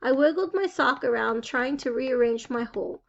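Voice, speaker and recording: A woman reads a children's novel aloud, telling the story expressively. Her voice sits a touch high. The sound is somewhat muffled and dull. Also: normal speed, vocal fry. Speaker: reader.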